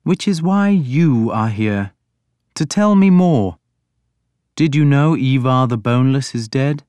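A man voicing a mild but stern scholarly king in an audiobook, speaking in a measured way. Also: medium pitch, lively intonation, darkish tone, smooth, no echo, pitched above the performer's own voice, natural voice. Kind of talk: audiobook character voice.

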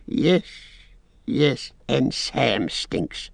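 A man's voice: mid-range voice, very animated, drawn-out words, creaky, no echo, studio quality, pitched above the performer's own voice, heavily acted. A man reading an audiobook and voicing a wretched, wheedling male creature with a hissing, whispery, strained voice that talks about himself in the third person. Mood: uneasy. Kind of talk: audiobook character voice.

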